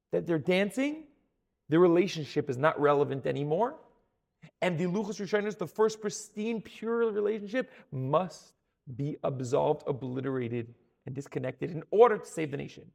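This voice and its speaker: A man delivers a sermon in a high, gravelly voice. He stays animated throughout and slips into the voices of the people he quotes. He often stumbles and restarts his words. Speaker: Torah teacher.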